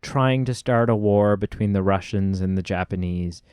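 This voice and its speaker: Man, Canadian accent, podcast co-host, joking film chat, smooth voice, dry close sound. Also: fairly low pitch, a little mellow, no room sound. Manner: joking, acts out quick silly voices. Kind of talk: casual film review chat.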